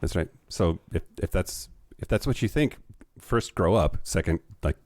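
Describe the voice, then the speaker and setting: A man's voice: low voice, lively intonation, normal speed, darkish tone, no echo. A man co-hosting a podcast in casual chat, speaking candidly and bluntly. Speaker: podcast co-host.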